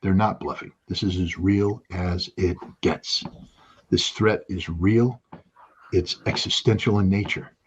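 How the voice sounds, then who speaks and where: A man's voice: low-pitched, fairly even intonation, measured pace, a little hiss or hum. A man giving impassioned political commentary, emphatic and rising to urgent outbursts. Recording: dull lo-fi sound.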